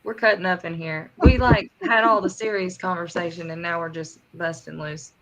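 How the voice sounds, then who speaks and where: Bright-voiced goofy woman hosting a livestream. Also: fairly low pitch, steady tone, moderate pace, slight background noise. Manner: goofy, laughing, sings a little jingle. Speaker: livestream host. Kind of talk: casual group chat.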